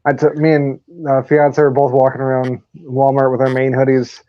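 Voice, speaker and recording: Dark-voiced swearing podcast host. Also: male voice, mid-range voice, steady tone, normal speed, long pauses, no room sound. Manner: profane, laughing, storytelling. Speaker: podcast host running weekly picks. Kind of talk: casual chat. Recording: dull lo-fi audio.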